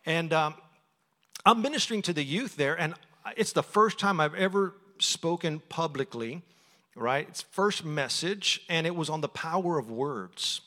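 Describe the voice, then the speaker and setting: A man's voice: a little high, measured pace, bright, forceful tone. A middle-aged man from Texas, preaching as a guest speaker in a conversational, storytelling way and laughing often. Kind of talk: sermon. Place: church sanctuary. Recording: long hall reverb.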